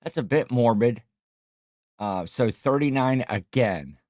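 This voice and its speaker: A man's voice: mid-range voice, expressive, takes it slowly, a little mellow, dry recording, studio quality. A tired middle-aged man hosting a casual livestream, chatting and reading viewer comments in a rambling, jokey way. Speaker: livestream host.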